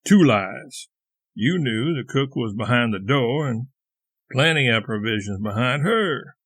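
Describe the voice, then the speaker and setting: A man's voice: mid-range voice, lively intonation, measured pace, fairly bright tone, breathy edge. A man doing a sneering drawling dwarf. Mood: accusing. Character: small sneering moldy male dwarf, contemptuous, drawling.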